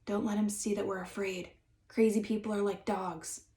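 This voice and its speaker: A wary storybook boy who keeps his voice hushed and grows defensive, as a woman reader gives him a near-plain voice. The room adds a roomy echo. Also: mid-range voice, flat delivery, normal speed, a little hiss or hum, natural voice. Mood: whispered warning.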